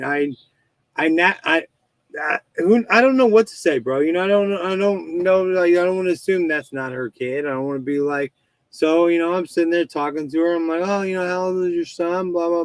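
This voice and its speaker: Podcast host, male, thirties: loose, profane storyteller, slightly high voice, dry close mic. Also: clean tone, no room sound, poor audio. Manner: rambling, swearing storyteller with many restarts. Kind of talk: casual chat.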